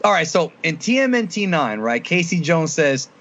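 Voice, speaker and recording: A man swapping jokes and pop-culture trivia with his friends on a podcast, often closing his lines with "bro." His voice sits a little high, and the recording sounds dull and lo-fi. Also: very animated, normal speed, few pauses, a bit bright. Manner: jokey, trivia-heavy banter ending lines with "bro". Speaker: podcast co-host. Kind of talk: casual chat. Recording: lo-fi podcast audio.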